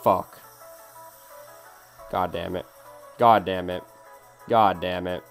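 A man's voice: low voice, fairly even intonation, slow pace, pauses often, soft background music. A young man live-streaming a mobile game, swearing at his phone and answering chat as he plays. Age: young adult. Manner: frustrated, swearing, reading chat aloud. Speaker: gaming streamer.

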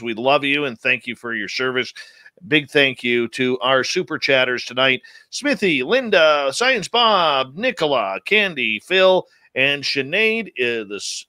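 A man hosting a radio talk show, upbeat and jokey, with big swings in his delivery. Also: dry recording. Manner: energetic, jokey announcer delivery with big pitch jumps.

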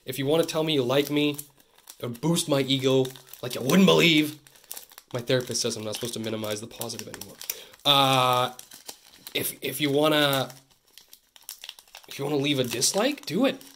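A young man from Canada hosting a card-opening video, chatting to camera in an excitable, jokey way that swings between loud bursts and muttered asides. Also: medium pitch, normal speed, pauses often, a little hiss or hum. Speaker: card-opening channel host. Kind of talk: casual pack-opening chat to camera.

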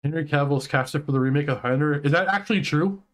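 A fairly high-voiced man talks in a relaxed online chat. He gets excitable and animated, tripping over restarts as he rants. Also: fast talker. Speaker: podcast co-host. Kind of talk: casual chat.

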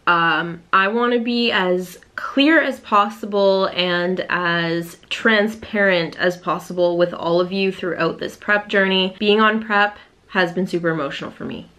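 Bright and forceful in tone, this mid-range female voice belongs to a young adult vlogger getting ready for a physique competition. She's candid and unfiltered on camera, letting the occasional swear word slip.

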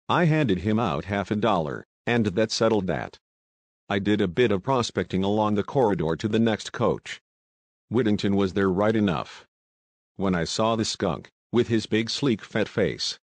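A man's voice: on the low side, no echo. Man voicing Julius, a slangy American talker. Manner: slangy, talkative, hurried storytelling. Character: brash young American man, slangy and excitable.

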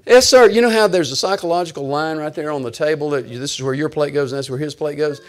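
A man pastor preaching a sermon, emphatic and at times near-shouting. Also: a little high, fast talker.

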